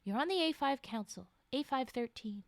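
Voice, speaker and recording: A woman's voice: high-pitched, animated, normal speed, creaky, no echo. A woman playing a frantic young woman. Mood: agitated. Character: agitated young woman, a scared test subject.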